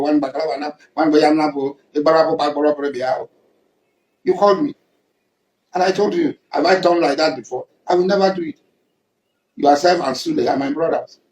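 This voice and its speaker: A man with a Nigerian accent, making an impassioned public address, accusing and emphatic, repeating his points. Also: on the high side. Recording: echoey room.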